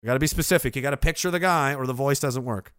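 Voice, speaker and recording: A man's voice: mid-range voice, rapid-fire, a bit bright, dry recording, studio quality. A man streaming casually, reading out chat messages with a sarcastic, rambling manner. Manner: sarcastic, rambling, many fillers.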